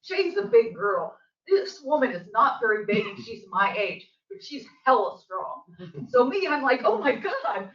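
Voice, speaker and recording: Speaking during public comment at a board meeting, this older local resident recounts her story in an agitated, emphatic way, climbing in pitch as she finishes. Her voice sits high and sounds very animated and a bit bright, though her pace stays measured. It's captured from a distance in a district office meeting room, with echo and a dull quality.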